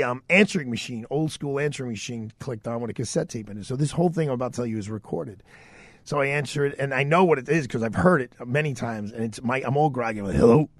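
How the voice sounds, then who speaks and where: A man's voice: mid-range voice, no echo. A middle-aged man, a radio host telling a personal story and acting out the other people in it. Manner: animated, acts out the voices of people in his story.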